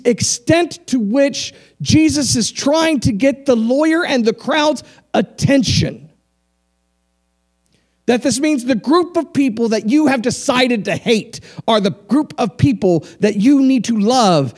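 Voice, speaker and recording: A middle-aged man preaching from the pulpit in a fairly high voice. He reads scripture aloud, then drops into blunt, plain-spoken asides to his congregation. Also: a little mellow. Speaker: pastor. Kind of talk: sermon.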